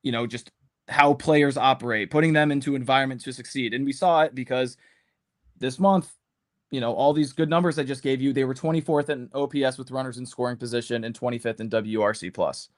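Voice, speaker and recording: A man's voice: mid-range voice, fairly quick. A man talking through sports opinions in casual commentary, rambling and full of "um" and "you know" fillers. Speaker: podcast panelist.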